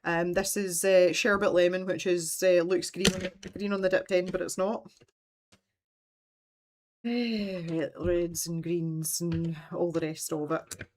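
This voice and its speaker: A woman's voice: lowish voice, little pitch movement, a little slow, a little hiss or hum. Scottish woman, art stream host, meandering casual chat with frequent laughs. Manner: chatty and meandering, laughs often.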